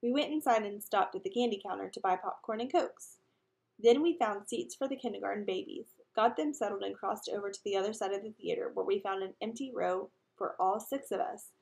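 A woman reading a children's novel aloud, lively, with asides to her listeners. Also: mid-range voice, a little fast, gravelly. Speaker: reader.

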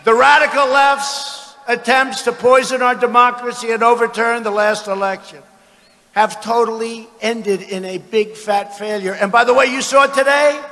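A man in his seventies giving a political rally speech in an arena, boastful and mocking, often breaking into shouts. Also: very high-pitched. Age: 70s. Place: large arena with crowd. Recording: arena with long reverb.

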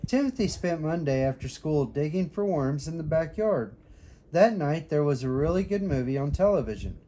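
A father reading a children's bedtime story aloud, with an expressive, animated reading. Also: fairly high pitch, moderate pace.

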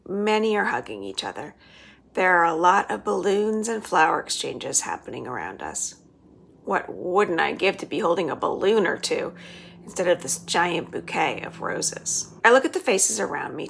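A woman's voice: fairly low pitch, normal speed, gravelly, slight background noise. A woman librarian reading the first chapter of a children's novel aloud, telling it expressively. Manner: expressive storytelling.

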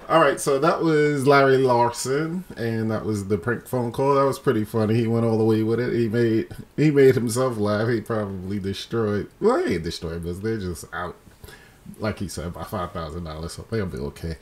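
A man's voice: on the low side, moderate pace. A man hosting a reaction video, chatting casually and laid-back about a clip.

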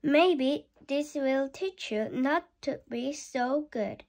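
A woman's voice: high voice, takes it slowly, darkish tone. A woman voicing a stern mother witch who scolds her daughter in a children's storybook read-aloud. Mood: scolding. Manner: scolding, disapproving.

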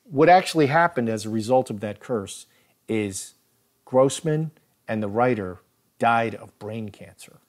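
A man narrating a first-person story in a solemn, deliberate, insistent way. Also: mid-range voice, lively intonation.

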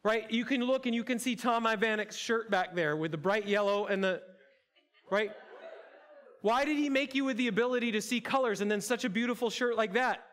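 High-voiced playful preacher man. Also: brisk, a bit bright. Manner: playful, interactive, addresses congregation directly. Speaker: campus pastor. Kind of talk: sermon. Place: church auditorium.

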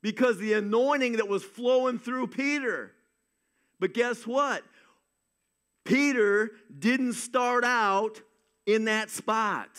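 High-voiced man preaching a lively sermon. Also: takes it slowly. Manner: energetic, joking, folksy preaching. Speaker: pastor. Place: church sanctuary.

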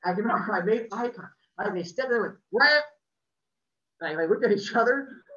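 A man casually telling a personal story, acting out the people in it with lively energy. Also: sits high, fast. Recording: roomy, distant, muffled video-call audio.

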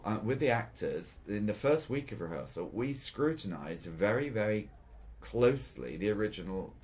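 An older man, a theatre director, recalling his work in an interview, thoughtful and hesitant with frequent pauses and restarts. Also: on the low side. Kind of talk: reflective interview recollection.

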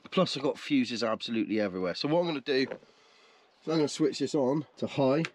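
A man's voice: medium pitch, expressive, quick pace. A man vlogging casually, chatty and self-mocking, from in and around a camper van. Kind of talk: casual vlog talk to camera.

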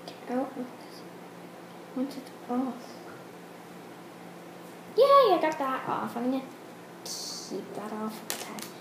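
Young female toy vlogger, bright high voice, breathless excitement, roomy home recording. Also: slow pace, long pauses. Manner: gushing, breathless excitement with frequent exclamations. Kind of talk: excited unboxing vlog. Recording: echoey room with clear background noise.

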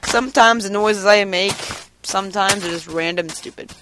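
A man's voice: high-pitched, normal speed. Hyper, giggly male gamer with noisy audio. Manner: hyper, rambling, giggly, makes random noises. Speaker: gameplay commentator. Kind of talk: casual let's-play commentary. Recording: noisy home recording.

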